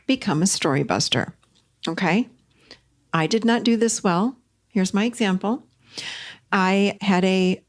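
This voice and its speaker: Animated middle-aged woman hosting a podcast. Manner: animated and expressive, swings between bright emphasis and low confiding asides. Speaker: podcast host. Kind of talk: casual solo podcast talk.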